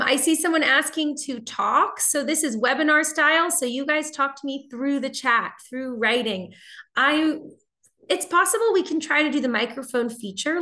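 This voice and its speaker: A woman's voice: sits high, sharp tone. A woman from Boston with a neutral General American accent, teaching a live online lesson in a chatty way and answering viewer questions as she goes. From Boston, United States. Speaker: TOEFL teacher.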